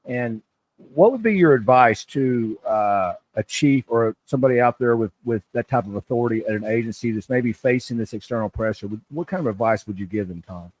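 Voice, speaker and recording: Dry-sounding podcast host. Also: male voice, mid-range voice, brisk, darkish tone, dry recording. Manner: emphatic, conversational. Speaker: podcast host, former officer. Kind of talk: interview questions.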